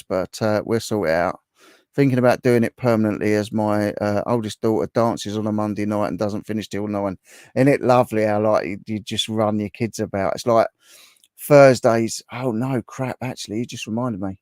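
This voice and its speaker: A man's voice: lowish voice, darkish tone, no echo, studio quality. Chatty man hosting a home livestream. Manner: chatty, laughs often, reads viewer comments aloud. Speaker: livestream host. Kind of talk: casual livestream chat reading comments.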